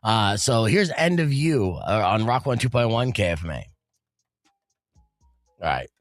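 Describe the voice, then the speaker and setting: A man's voice: on the low side, animated, unhurried, no room sound, faint music behind. A man hosting a radio talk show, chatting casually and loosely with many fillers. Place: radio studio. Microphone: studio mic.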